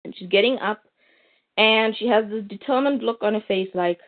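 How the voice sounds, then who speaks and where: A woman's voice: mid-range voice, moderate pace. A woman reviewing comics in a casual recap, retelling the plot with fillers and asides. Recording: tinny phone-like line.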